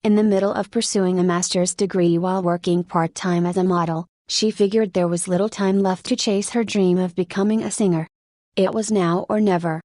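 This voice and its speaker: A woman narrating a nonfiction audiobook in an even, measured reading. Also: on the low side, no room sound.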